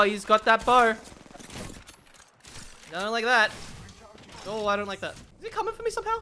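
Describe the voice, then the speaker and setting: A woman giving excitable gameplay commentary, swearing often and boasting playfully at her enemies. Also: a little high, a little hiss or hum. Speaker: gaming video creator.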